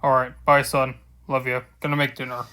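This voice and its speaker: A young man voicing a middle-aged father who scolds his son and then softens, in a comedy sketch. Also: medium pitch, little pitch movement, a little fast, voice pushed down, close to an everyday voice. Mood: gentle. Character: middle-aged father, stern but loving.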